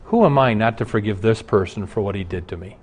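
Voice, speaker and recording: A man's voice: fairly low pitch, fast. A middle-aged male pastor delivering a broadcast sermon, earnest and emphatic, his intensity rising and falling.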